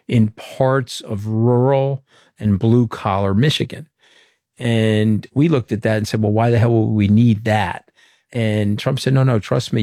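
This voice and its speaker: A man's voice: fairly low pitch, dark tone, no room sound, studio quality. A middle-aged man from Long Island, New York, speaking as an interview guest and telling candid, anecdotal stories in a frank, emphatic way. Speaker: interview guest, former political communications director.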